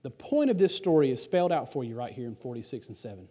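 A man's voice: mid-range voice, sing-song, fast talker, mellow, slightly rough. A male pastor preaching a sermon in a conversational, storytelling way.

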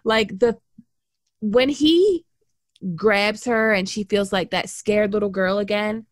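A woman in casual chat, animated and blunt, swearing freely and acting out quotes as she talks. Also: medium pitch, slow pace, no echo, clean studio sound. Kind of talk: casual book discussion.

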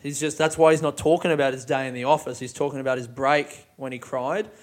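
A man's voice: mid-range voice, fairly even intonation, quick pace. A young man casually breaking down song lyrics, swearing freely and laughing often as he talks. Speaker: music reviewer.

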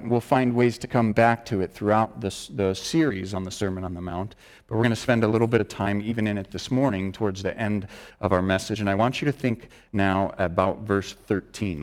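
A male pastor delivers a sermon at a mid-range pitch, leaning hard on key words and doubling back to restate them. His voice rings out through a church sanctuary, carried by a long hall reverb. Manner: emphatic, repeats words for stress, frequent restarts.

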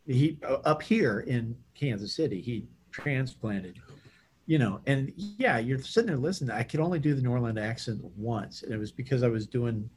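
A man's voice: mid-range voice, lively intonation, moderate pace, a little hiss or hum. A middle-aged man chatting casually on a podcast, joking and laughing, often trailing off. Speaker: podcast co-host. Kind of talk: casual chat.

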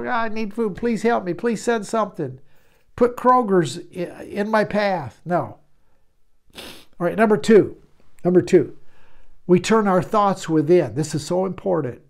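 A man's voice: high voice, a little mellow. A man preaching a sermon as a pastor, conversational, often repeating words and restarting phrases.

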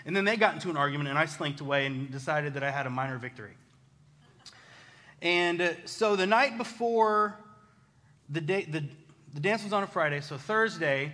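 A man tells a personal story in a casual, chatty way, poking fun at himself as he goes. His voice sits a little high for a man and has a bright, forceful edge. He keeps it animated. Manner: self-deprecating, chatty, animated.

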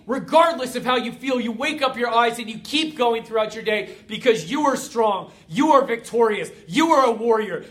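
Motivational host, young man, high bright voice, fervent and emotional, repeats his lines for emphasis. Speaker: motivational host of a fitness community. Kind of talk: motivational pep talk.

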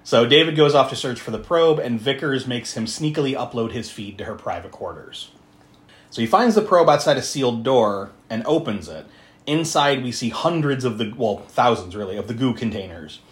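A man hosting a podcast, recapping a film in casual chat, animated, laughing and swearing as he acts out the characters. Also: medium pitch, normal speed. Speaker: podcast host.

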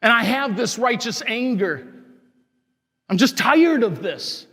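A man's voice: very high-pitched, lively intonation, takes it slowly, a bit bright, slightly rough. A man, a parish priest, preaching an impassioned sermon full of rhetorical questions and declared righteous anger. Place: large church. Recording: long church reverb.

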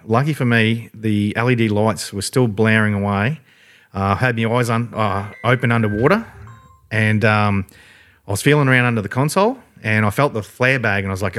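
A man's voice: lowish voice, a little fast, a bit bright. An Australian man telling a story in a rambling, laid-back way, swearing freely. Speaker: podcast guest. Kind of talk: casual storytelling.

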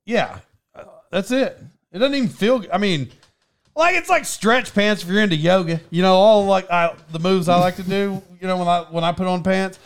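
A man's voice: sits high, moderate pace. A man telling rambling stories in casual chat, laughing as he goes.

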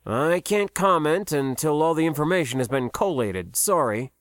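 A man's voice: on the high side, animated, moderate pace, dry recording, studio quality, pitched above the performer's own voice, lightly acted. A man voicing a cautious male health inspector who speaks formally in an audiobook. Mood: guarded. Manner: formal, careful. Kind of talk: audiobook character voice.

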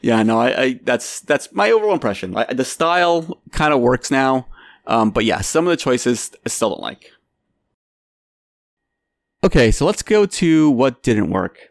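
A man's voice: medium pitch, big pitch swings, a little slow, creaky, dry recording, studio quality. A man casually reviewing a film as a podcast host, often repeating words as he starts his sentences.

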